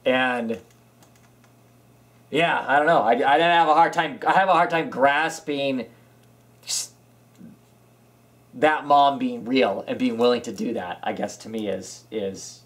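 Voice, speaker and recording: Male co-host, mid-pitch, unscripted and rambling, often trails off and restarts. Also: a little slow, long pauses, a bit bright. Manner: rambling, hesitant, with frequent restarts. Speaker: podcast co-host. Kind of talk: casual chat. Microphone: camera mic.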